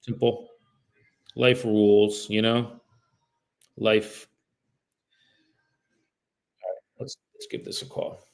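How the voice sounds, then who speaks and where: A man's voice: on the low side, level tone, slow, creaky, pauses often. A man working as a real estate agent, chatting casually to viewers while making cold calls on a livestream. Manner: chatty, addresses viewers directly; polite and apologetic on calls.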